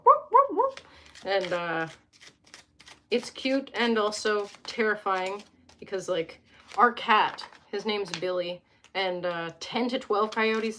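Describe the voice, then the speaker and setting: Slow-talking young woman chatting on a live stream. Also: medium pitch, a bit bright, slight background noise. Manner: chatty, joking, wandering asides while reading cards. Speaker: host of a live stream tarot reading. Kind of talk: casual live-stream chat. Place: at home.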